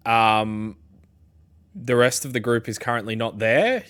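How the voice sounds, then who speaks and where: A man with an Australian accent narrating as game master, slow and full of fillers. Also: mid-range voice, animated, fairly bright tone, clear, resonant tone. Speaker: dungeon master.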